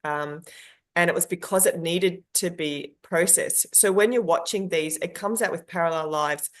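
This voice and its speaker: Woman co-host, lower pitch, reassuring, casual podcast talk. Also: normal speed. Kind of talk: casual chat.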